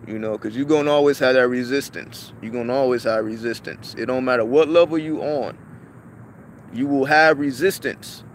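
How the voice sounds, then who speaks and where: A man's voice: medium pitch, normal speed, a little hiss or hum. A man vlogging to his viewers, chatting casually with lots of swearing and repeated restarts. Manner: profane, repetitive, restarts often.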